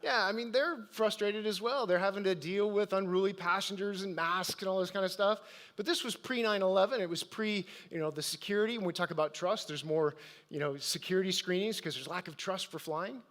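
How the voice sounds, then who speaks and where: A man with a notably high voice gives a live motivational talk. He tells personal stories and throws questions out to his audience. He sounds middle-aged and practiced at speaking from a stage. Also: brisk, a bit bright. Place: event stage.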